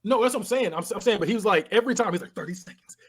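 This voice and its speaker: A podcast co-host with a high, very fast voice that is a bit bright with a breathy edge. He animatedly retells a film scene by scene, adding sound effects and laughter in a casual movie recap chat.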